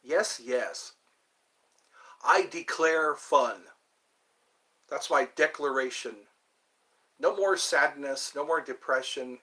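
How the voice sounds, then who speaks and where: A man's voice: fairly high pitch, slow, pauses often, pushed and bright. A man hosting a casual livestream chat, rambling and thinking aloud as he digresses from one topic to the next. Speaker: host.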